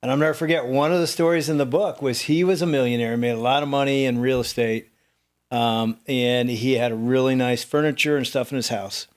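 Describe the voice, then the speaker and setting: A man's voice: medium pitch, brisk. A middle-aged man co-hosting a casual chat, telling stories and acting out the voices of people in them. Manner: animated storyteller, acts out quoted voices. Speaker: co-host.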